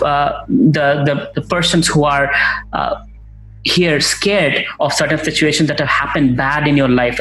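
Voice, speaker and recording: A man gives a spiritual talk, telling a story along the way. His delivery is halting, full of fillers and restarts, at a middle pitch. The sound is roomy, with faint music behind him. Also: a bit bright. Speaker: spiritual teacher.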